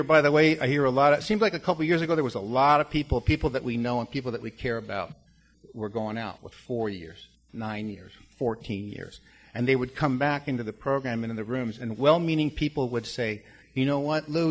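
Gravelly man sharing a rambling testimony. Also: medium pitch, a little hiss or hum. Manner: rambling storyteller with many restarts and fillers. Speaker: recovery meeting speaker. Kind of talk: personal testimony to a recovery group.

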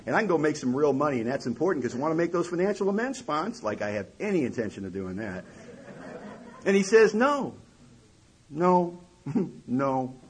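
A middle-aged man telling a self-mocking story to an audience, wry and lively, with a husky voice. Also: a little high, fast, a little hiss or hum, low-quality recording. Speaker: recovery speaker.

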